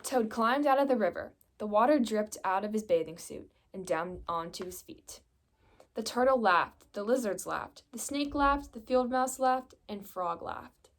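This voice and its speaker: A young woman reads a children's picture book aloud. Her mid-pitched voice is steady and gentle as she carries the story along. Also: unhurried. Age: young adult. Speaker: reader.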